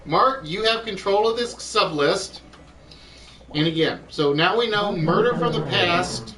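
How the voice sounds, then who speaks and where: A man hosting an online quiz show, chatting and thinking aloud, reading clues out slowly. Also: sits high, lively intonation, pushed and bright, distant mic, low-quality recording. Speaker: game show host. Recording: voice a bit off-mic with music behind.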